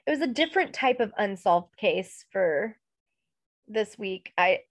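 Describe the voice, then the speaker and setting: Animated and mid-range, this young woman speaks at a measured pace in an echo-free recording. She co-hosts a casual podcast, chatty and full of "like" and "um."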